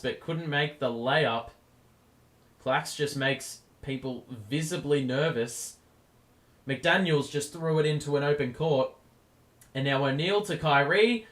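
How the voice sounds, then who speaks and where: A man hosts a live stream and calls the game play by play. His commentary is casual, and his voice is going hoarse. He lifts sharply in volume and pitch whenever a big play happens. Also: slow pace, long pauses. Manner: casual, gets loud over big plays. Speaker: stream host.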